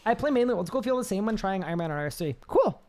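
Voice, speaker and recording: A man with a high-pitched voice, chatting casually on a live game stream, reading chat aloud and rambling with restarts. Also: lively intonation, rapid-fire, darkish tone.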